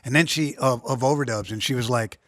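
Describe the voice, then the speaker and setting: A man's voice: mid-range voice, a little fast, fairly bright tone, dry recording, studio quality. A man guest telling stories in a casual, profane podcast chat, slipping into voices for people he quotes. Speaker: guest, author.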